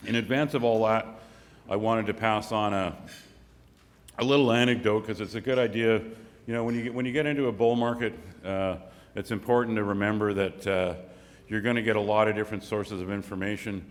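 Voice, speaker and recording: A man's voice: fairly low pitch, fairly even intonation, a little fast. A man organizing an investor conference, giving a casual talk with lots of restarts and rambling phrasing. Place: conference hall. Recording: echoey hall reverb.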